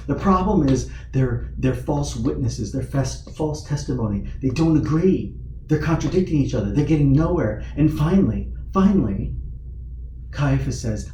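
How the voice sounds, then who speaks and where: A man's voice: normal speed, dark tone. A youth pastor preaching, retelling a story dramatically and acting out the figures he quotes. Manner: storytelling, voices quoted figures with rising pitch. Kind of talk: sermon. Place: church or youth room. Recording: roomy hall from a distance, faint noise.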